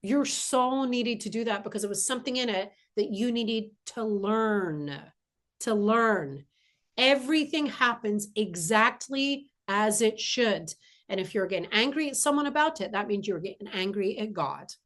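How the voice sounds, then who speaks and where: A woman's voice: medium pitch, lively intonation, unhurried, a bit bright. A woman spiritual teacher giving an earnest, emphatic inspirational monologue, often repeating key phrases for weight.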